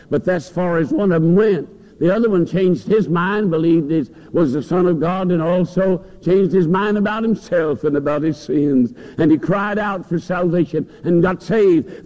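A man's voice: high voice, mellow. A man preaching a sermon in a church, with passionate, rising and falling delivery. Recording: dull lo-fi recording in a long-echo hall.

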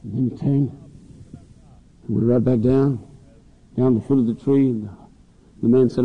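A man's voice: medium pitch, steady tone, measured pace, pauses often, husky. A man preaching a sermon to students, telling folksy stories and acting out voices. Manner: folksy storytelling, acts out voices. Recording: dull lo-fi recording with long hall reverb.

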